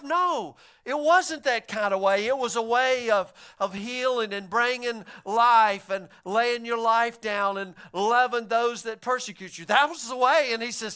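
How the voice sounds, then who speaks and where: A man preaching a sermon as pastor, in a conversational style that rises to shouts and drops low. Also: smooth.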